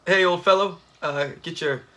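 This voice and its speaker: Bright-voiced man chatting through a watch party. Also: high voice. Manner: chatty, laughs often, talks to the live chat. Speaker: channel host. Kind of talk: casual livestream watch-party chat.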